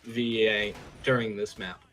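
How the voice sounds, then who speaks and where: A man giving live color commentary on an esports match, analyzing teams in a relaxed, loose way. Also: lowish voice, moderate pace. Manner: analytical, relaxed, many "you know" fillers. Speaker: esports caster.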